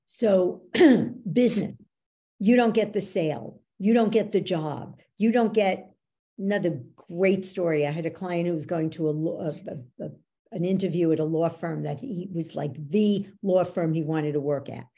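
A woman coach explaining how beliefs work, teaching through lively anecdotes and acting out what people said. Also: fairly low pitch, moderate pace, slightly rough. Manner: animated storyteller, acts out quoted dialogue. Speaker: belief coach, podcast guest.

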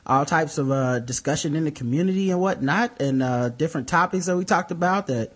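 A man's voice: on the high side, a little fast. Laid-back, profane male podcast co-host. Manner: laid-back, rambling, profane, with many fillers. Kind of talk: casual podcast chat.

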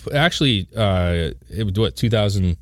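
A man co-hosting a casual political chat, blunt and animated, who swears and drags out key words. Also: on the low side, a little slow, dry recording, clean studio sound. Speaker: podcast co-host.

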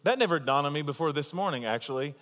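Male pastor, casual storyteller, slightly higher voice, long reverb of a church hall. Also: animated, fast, fairly bright tone. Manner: conversational storytelling, laughing at his own jokes. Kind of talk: sermon.

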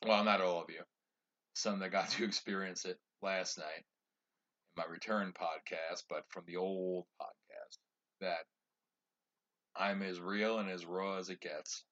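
A man's voice: low voice, steady tone, a little slow, pauses often, fairly bright tone, dull audio. A man hosting his own podcast, delivering a fired-up social commentary rant that repeats phrases for emphasis. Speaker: podcast host.

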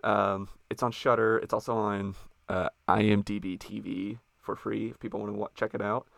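A man's voice: on the low side, little pitch movement, normal speed, creaky, a bit bright, no room sound, studio quality. An American man hosting a podcast, chatty and loose, laughing often as he talks. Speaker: podcast host. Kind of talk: casual podcast interview.

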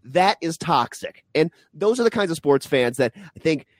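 A man's voice: on the high side, lively intonation, normal speed, dry recording, studio quality. A man hosting a casual sports betting podcast, joking and wry. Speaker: podcast host.

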